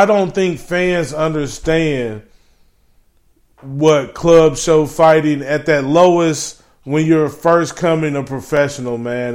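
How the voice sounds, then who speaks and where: A man hosting a boxing talk show, asking loose, rambling questions. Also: medium pitch. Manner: relaxed, rambling questions with fillers. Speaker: podcast host. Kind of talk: casual interview.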